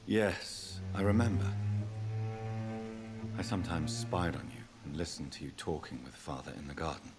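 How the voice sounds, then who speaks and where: A man's voice: very deep voice, normal speed. An actor voicing a grieving young man who is a vampire, solemn and restrained, in video game dialogue. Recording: game audio with very loud music behind.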